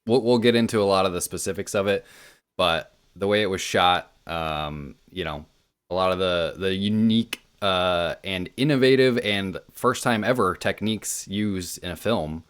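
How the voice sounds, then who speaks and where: A man's voice: low voice, moderate pace, a bit bright, clean tone. A man on a podcast giving his impressions in a casual chat, hesitant, with many ums and restarts. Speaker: podcast co-host.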